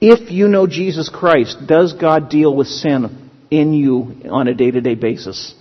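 High-voiced male pastor in reverberant hall. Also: a little slow, husky. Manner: conversational teaching with humorous asides. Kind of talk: sermon. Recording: dull lo-fi sound with long hall reverb.

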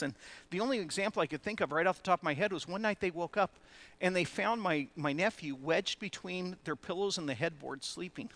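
A male pastor preaching a sermon in an animated way, often laughing between phrases. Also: high-pitched, fairly quick.

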